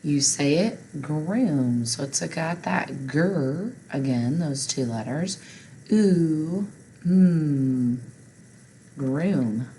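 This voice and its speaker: A woman's voice: low-pitched, animated, takes it slowly, hardly any pauses, dark tone, slight background noise, rough recording. A woman teacher leading a phonics spelling lesson for children, patient and encouraging.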